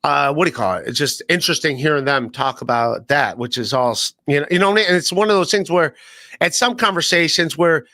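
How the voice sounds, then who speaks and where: A man's voice: on the high side, fast, pushed and bright, dry recording, studio quality. A man hosting a podcast, chatting casually and joking around with rambling asides and lots of fillers. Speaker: podcast host. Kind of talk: casual comedic chat.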